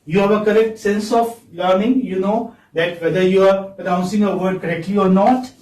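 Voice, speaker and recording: A male English teacher with a high, slightly mellow voice and fairly even intonation leads a phonetics lesson in class. He speaks slowly and drags out his words, coaxing students with repeated questions. The recording is echoey, picked up from far across the classroom.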